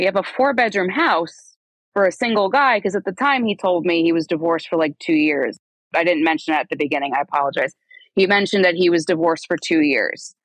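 Woman in her 30s telling her story, rambly and chatty, low-ish voice, dry sound. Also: no echo, rough recording. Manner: conversational, rambling with asides and self-corrections. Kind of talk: candid personal storytelling.

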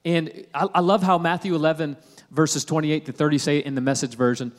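Male pastor, fairly high voice, relaxed conversational sermon in a big echoing church hall. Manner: conversational preaching with restarts and slowed emphasis. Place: church auditorium.

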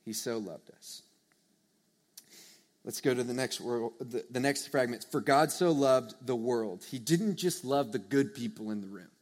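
A young man preaching a sermon to a live audience, earnest and conversational, swinging from hushed to loud emphasis. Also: medium pitch, normal speed, few pauses. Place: church or meeting hall with a live audience.

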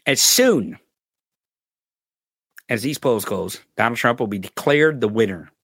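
A man's voice: mid-range voice, animated, unhurried, a bit bright, dry recording, studio quality. A man hosting a political commentary podcast, ranting with heavy profanity and sarcasm. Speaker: podcast host.

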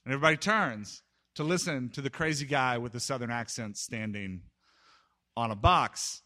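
A man preaching a sermon, retelling a story with dramatic swings between loud outbursts and hushed pauses. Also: medium pitch.

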